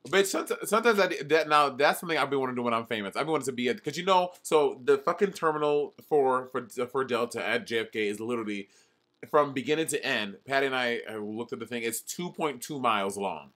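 Male podcast co-host, teasing and foul-mouthed, dramatic storyteller in casual banter, mid-pitched voice. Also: fast talker, fairly bright tone. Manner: profane, teasing, dramatic retelling. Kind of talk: casual comic chat.

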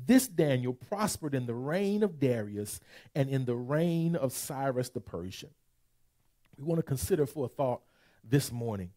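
A pastor giving a sermon, reading scripture slowly and emphatically, with his own comments in between. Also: medium pitch, lively intonation, warm tone.

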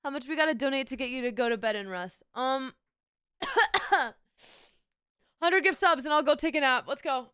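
Sick young woman streaming, teasing chat and swearing a lot, smooth voice, dry close mic. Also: high voice, normal speed, long pauses, fairly bright tone, no room sound. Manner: playful, teasing, swears freely. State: sick with a sore throat. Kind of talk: casual live-stream chat with viewers.

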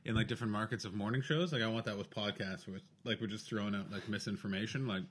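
A man's voice: fairly low pitch, fast, slightly rough. Brash, profane Canadian man. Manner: brash and profane, swings into loud mock rants. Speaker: guest comedian. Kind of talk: casual podcast banter.

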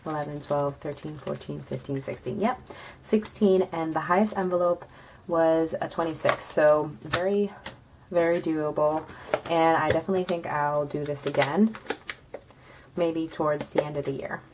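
A woman with a fairly low voice runs a casual budgeting vlog, murmuring numbers as she counts bills. Now and then she breaks into high, excited squeals. Traffic and passing bikes are clearly audible behind her. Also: moderate pace. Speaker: budgeting vlogger. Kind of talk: casual cash-stuffing vlog, counting money aloud. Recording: home recording with street noise behind. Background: passing bikes and street noise.

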